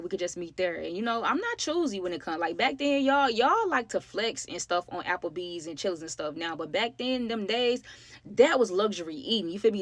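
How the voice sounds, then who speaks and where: A young woman, chatting through a storytime to her viewers, slangy and lively, calling them y'all. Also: medium pitch, no echo. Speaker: storytime vlogger. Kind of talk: casual storytelling to camera.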